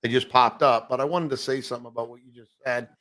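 Male host, casual talk, quick and offhand, mid-range voice. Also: medium pitch, fairly even intonation, a bit bright. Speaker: show host. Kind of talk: casual hosting.

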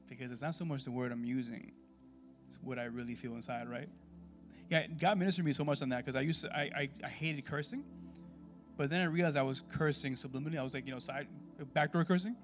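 A man leading a church Bible class in a casual, sermon-style way, animated and conversational, full of rhetorical questions. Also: mid-range voice, a little fast, soft background music.

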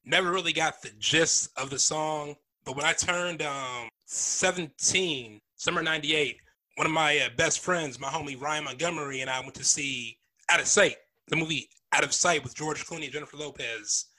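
A man's voice: a little high, moderate pace, rough recording. A man in his forties co-hosting a music podcast, casually giving background on songs. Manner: relaxed, explains song background. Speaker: podcast co-host.

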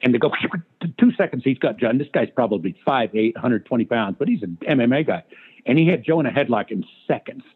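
Brief: raspy-voiced comic guest, lively swooping delivery, tinny phone-line sound. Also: male voice, mid-range voice, quick pace. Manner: animated, profane anecdotes. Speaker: guest, stand-up comedian. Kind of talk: casual storytelling chat.

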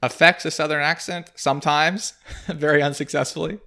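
A man's voice: fairly high pitch, steady tone, moderate pace, vocal fry, sharp tone. A man hosting a podcast, discussing a film in a thoughtful, analytical way and asking leading questions. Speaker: podcast host.

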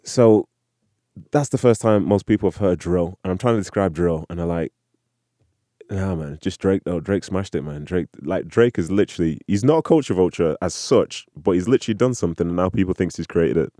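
A man chatting casually as a co-host, telling stories with an animated, joking manner. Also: deep voice, no echo, studio quality. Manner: animated, jokey storytelling with quick impressions. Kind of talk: casual chat.

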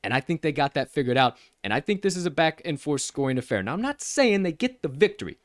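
Brash, hyped-up sports betting host. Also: male voice, big pitch swings, fast talker, no echo, clean studio sound. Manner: hype-filled, swearing, big swings in pitch and volume. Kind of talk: casual sports betting podcast talk.

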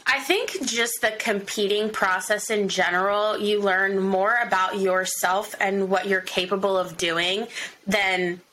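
A woman's voice: medium pitch, steady tone, unhurried, fairly bright tone, a little hiss or hum, poor audio. A young woman chatting as a podcast guest, talking freely and filling her sentences with "like". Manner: chatty, lots of "like" fillers. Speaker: podcast guest, bikini competitor. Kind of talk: casual chat.

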